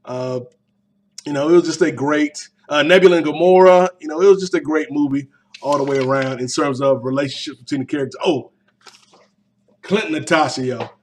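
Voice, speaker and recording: A young man talks through a movie reaction on his podcast. His voice sits a little high for a man. He keeps it loose and animated, tossing in slangy jokes as he goes. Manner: animated, slangy, quick asides. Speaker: podcast host. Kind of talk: casual movie reaction review.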